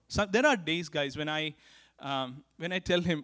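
A man preaching a sermon as pastor, earnest and repeating key lines for emphasis, swinging from emphatic calls to hushed, quiet stretches. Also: sits high, normal speed.

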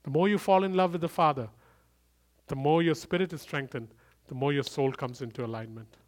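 A middle-aged man preaching a sermon, swinging from loud emphatic bursts to quiet, intimate storytelling. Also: fairly high pitch, lively intonation, normal speed, long pauses. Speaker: pastor.

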